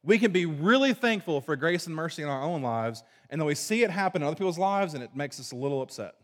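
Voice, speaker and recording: A man preaching a sermon to a congregation, moving between forceful emphasis and hushed, low passages. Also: animated, fast talker. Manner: dynamic preaching, swinging from loud emphasis to hushed low tones. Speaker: pastor. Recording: long reverb of a large hall.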